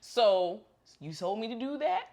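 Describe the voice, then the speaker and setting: A woman co-hosting a podcast, telling a candid, animated story about her faith in casual chat. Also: fairly high pitch, a little slow. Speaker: podcast co-host.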